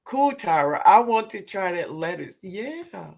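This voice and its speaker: A woman with a New Orleans accent hosting a live gardening show, reading viewer comments aloud in a relaxed way and calling people baby. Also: medium pitch, unhurried, vocal fry. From Louisiana, US. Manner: calls viewers baby, laughs often. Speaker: gardening livestream host.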